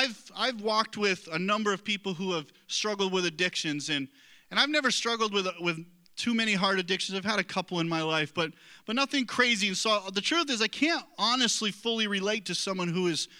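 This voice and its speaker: A man's voice: high-pitched, a little fast, bright, forceful tone. A middle-aged man preaching a sermon as a pastor, earnest and conversational, with self-deprecating asides to the congregation.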